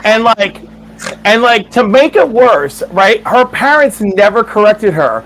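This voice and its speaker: A woman's voice: mid-range voice, lively intonation, unhurried, rough recording. A woman in a casual chat, telling a story emphatically with exclamations. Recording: faint background noise.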